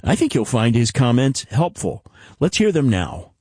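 A man hosting a Bible teaching radio program, announcing and reading offers in a smooth announcer delivery. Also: mid-range voice, very animated, moderate pace, darkish tone, no room sound, studio quality. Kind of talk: radio broadcast announcing and interview.

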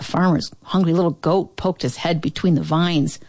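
A woman reading a children's picture book aloud with expressive, animated narration. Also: low voice, normal speed, few pauses, no echo. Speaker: storybook reader. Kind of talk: children's storybook read-aloud.

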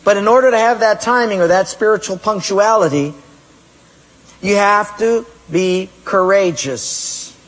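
A pastor preaching a sermon, emphatic, acting out people's excuses in a raised voice. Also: male voice, high voice, unhurried, big-room sound, rough recording.

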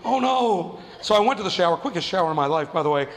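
Stand-up man, high voice, profane self-mocking storyteller, reverberant hall. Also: racing, fairly bright tone. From New Mexico. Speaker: stand-up comedian.

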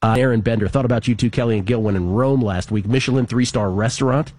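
A man hosting a sports betting radio show with a husky, slightly rough voice. He talks casually and reads listener messages aloud, dropping wry little asides between them. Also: mid-range voice, fast talker, darkish tone, no room sound, studio quality.

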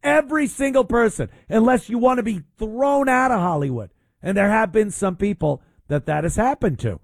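A man's voice: high voice, lively intonation, moderate pace, vocal fry, no echo. A man hosting a talk radio show, giving mocking, sarcastic commentary on a clip.

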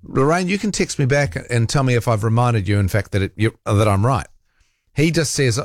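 Animated and medium-pitched, this radio host talks at normal speed in a clean studio recording with no room sound. He goes through listener texts and fires back at detractors, combative and defensive as he fact-checks the callers.

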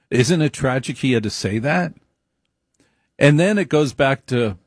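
A man's voice: mid-range voice, lively intonation, measured pace, no echo, studio quality. A man giving an opinionated monologue, emphatic, repeating his points and wandering into asides.

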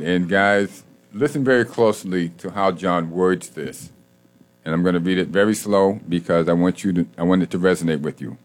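Low-voiced jokey male radio co-host. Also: lively intonation, fairly quick. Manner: chatty and jokey, laughs often. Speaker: co-host of a faith sports radio show. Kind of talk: casual radio chat and scripture reflection.

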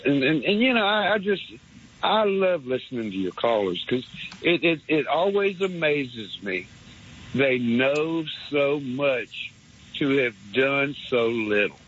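Man, husky voice, sarcastic rambling, repeated stammers, muffled phone call. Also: a bit bright. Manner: sarcastic, repetitive stammering, pitch swings. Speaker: radio caller.

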